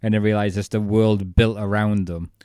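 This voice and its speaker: A man's voice: lowish voice, flat delivery, normal speed, warm tone, clean tone, dry recording, clean studio sound. A man co-hosting a casual podcast chat, rambling and thinking aloud. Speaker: podcast co-host.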